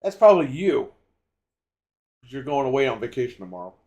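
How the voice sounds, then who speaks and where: A man's voice: mid-range voice, big pitch swings, a little fast, a little mellow. A man co-hosting a gaming podcast, ranting in a heated, profane way. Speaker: podcast co-host. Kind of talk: casual gaming podcast rant.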